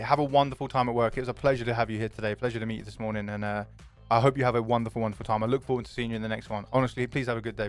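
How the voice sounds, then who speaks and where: A man's voice: mid-range voice, clear, resonant tone. A young man, chatting casually and jokingly with his stream viewers, swearing freely. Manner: chatty, jokey, quick to swear.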